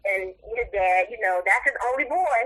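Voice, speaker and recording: A woman's voice: medium pitch, lively intonation, moderate pace, a bit bright, low-quality recording. A middle-aged mother in an interview, talking earnestly and tearfully, mixing encouragement with faith. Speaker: interview guest, mother of the subject. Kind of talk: emotional interview talk.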